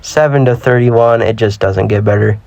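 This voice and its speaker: A man's voice: on the low side, moderate pace, creaky, darkish tone, no room sound. A young man commentating a football simulation game, chatty and self-deprecating, often tripping over his words, a little under the weather. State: slightly sick. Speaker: gaming channel host. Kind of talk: casual sports-sim commentary.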